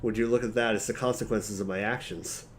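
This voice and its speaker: A man narrating as game master of a tabletop game, calmly explaining rules and reacting with dry remarks. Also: lowish voice, a little fast, slight background noise.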